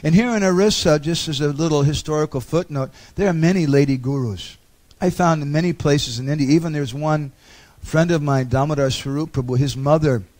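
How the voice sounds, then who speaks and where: A man's voice: mid-range voice, a little mellow. A man giving a storytelling lecture on a pilgrimage, with humorous asides.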